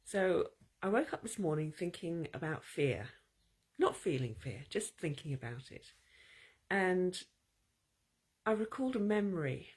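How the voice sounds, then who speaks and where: Woman host, soft breathy voice, calm reflective storytelling pace. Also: fairly low pitch. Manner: calm, storytelling, measured pauses. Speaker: podcast host. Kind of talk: reflective solo monologue.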